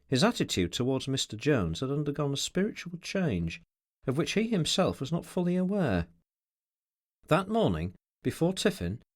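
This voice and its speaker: A male audiobook narrator reads an unabridged classic novel aloud in a medium-pitched voice. His scripted narration tells the story expressively. The sound is a clean studio recording with no room sound.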